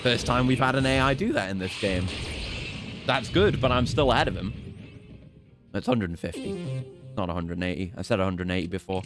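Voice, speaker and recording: A man's voice: fairly low pitch, lively intonation, fairly quick, pauses often, music in the background. A man streaming a game, commentating casually with playful, jokey trash talk.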